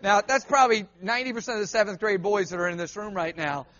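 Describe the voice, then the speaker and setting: A man preaches an animated call-and-response sermon in a church. The recording sounds a little muffled. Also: high voice, fast. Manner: animated, asks the crowd to answer back.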